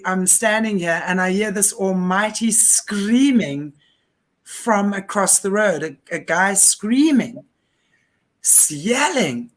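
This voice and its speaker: A woman hosting a live-stream conversation, telling a story in an earnest, animated way. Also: medium pitch. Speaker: host.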